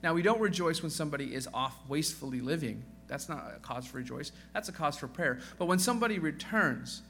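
Bright-voiced male pastor, conversational sermon. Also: fairly high pitch, expressive, a little fast, vocal fry, faint music behind. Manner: conversational, acts out quoted voices; self-deprecating joking asides.

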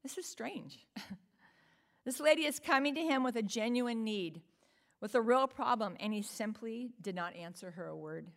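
A woman's voice: fairly high pitch, moderate pace, a bit bright. Earnest woman preaching a sermon. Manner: earnest, emphatic, asks rhetorical questions.

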